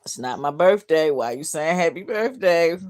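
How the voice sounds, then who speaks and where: A woman's voice: sits low, animated, normal speed, a little mellow. A middle-aged woman hosting a livestream, downcast and heartbroken, reading out comments bluntly with swearing and laughs. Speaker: livestream host.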